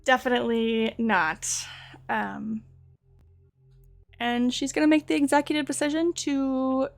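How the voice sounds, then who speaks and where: A woman playing a tabletop game online, describing her character's actions in a lively, animated way. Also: high-pitched, measured pace, creaky, faint music behind. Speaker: player. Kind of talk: casual tabletop play.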